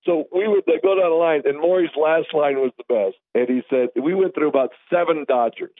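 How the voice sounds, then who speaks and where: A man's voice: fairly high pitch, a little fast, dry recording. Man telling radio stories over a phone line. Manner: animated, acts out quoted callers. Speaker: sports radio host. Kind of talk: casual storytelling chat.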